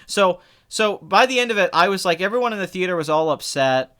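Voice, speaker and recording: Bright, clear-voiced young man chatting. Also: fairly quick. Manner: animated, mimics people in high excited bursts. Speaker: podcast co-host reviewing films. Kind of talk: casual chat.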